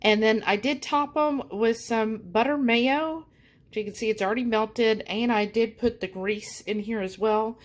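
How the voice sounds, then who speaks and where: A woman's voice: on the high side, normal speed. A woman talking casually to her viewers in a vlog, full of fillers and y'alls. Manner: chatty, lots of fillers, says y'all. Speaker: vlogger.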